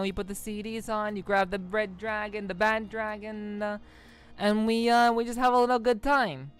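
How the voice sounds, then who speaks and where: A woman voicing a loud, brash spouse with a New York accent, drawing out "honey" in a wheedling way. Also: a little high, smooth, pitched above the performer's own voice, close to an everyday voice.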